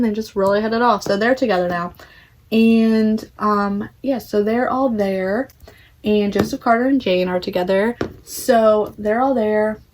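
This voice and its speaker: A chatty young woman recaps a novel's plot for her video channel. She talks casually with plenty of "like" and slips into quick voices for the characters. Her tone is relaxed and conversational. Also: on the high side. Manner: chatty, many "like"s, acting out characters' quotes. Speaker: book vlogger.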